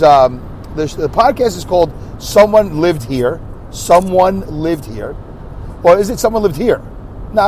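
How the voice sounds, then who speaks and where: A chatty New York-accented man from Brooklyn hosts his own podcast, wandering into asides and second-guessing himself as he talks. His voice sits a little high for a man. Faint traffic and street noise hum underneath. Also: a little mellow. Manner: rambling, chatty, self-correcting with asides. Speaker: podcast host. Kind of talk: casual solo podcast chat.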